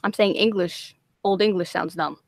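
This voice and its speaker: A woman's voice: fairly low pitch, steady tone, moderate pace, creaky, no room sound. Woman, live-stream host, brash and teasing, dry close sound. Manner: brash, profane and playful. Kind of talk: casual live stream chat.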